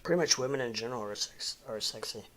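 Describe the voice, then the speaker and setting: A man's voice: medium pitch, fast, a bit bright, slight background noise. A man in his forties from the Midwest, rambling casually at home as host of a livestream and answering chat. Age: 40s.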